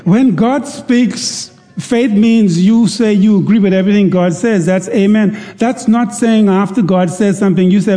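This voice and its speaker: A pastor preaching a sermon in a folksy, storytelling way, prompting the congregation to answer back. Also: male voice, high voice, mellow. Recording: echoey hall with long reverb.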